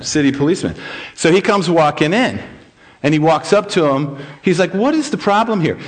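A middle-aged male pastor telling a story in a sermon, acting out the voices of the people in it. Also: sits high.

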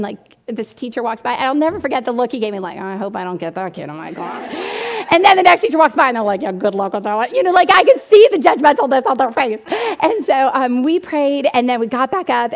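A middle-aged woman giving a lively storytelling talk to mothers, acting out quotes as she goes. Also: on the high side. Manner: animated storyteller, acts out quotes, gasps and laughs. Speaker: speaker at a mothers' event.

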